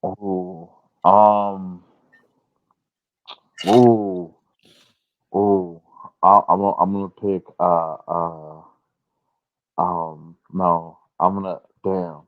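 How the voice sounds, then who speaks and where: A man's voice: extremely slow, long pauses, no echo. A man in a casual podcast chat, telling a story with lots of energy and acting out the voices of the people in it, often laughing. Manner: animated storyteller, acts out quotes in a high voice, laughs often. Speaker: wrestler guest. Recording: dry, phone-like audio.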